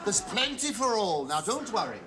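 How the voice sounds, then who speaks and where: A rambling flustered Roman slave. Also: male voice, high-pitched, big pitch swings, normal speed, a crowd in the background. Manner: rambling, flustered asides to the audience. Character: bumbling scheming male Roman slave, rambling asides. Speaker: servant. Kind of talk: 1970s TV sitcom acting. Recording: noisy 1970s TV sitcom recording.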